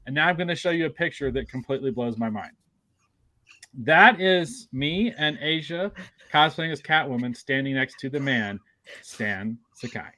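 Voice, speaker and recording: A man hosting a podcast, gushing with excitement and stumbling over his words in casual chat. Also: medium pitch, moderate pace, no echo. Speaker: podcast host.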